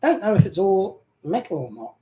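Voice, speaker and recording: A man's voice: high-pitched, big pitch swings, normal speed, dark tone, low-quality recording. A man from the UK with a British accent that has picked up some Australian, joking and reading viewer comments as co-host of a live chat. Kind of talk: casual live-stream chat.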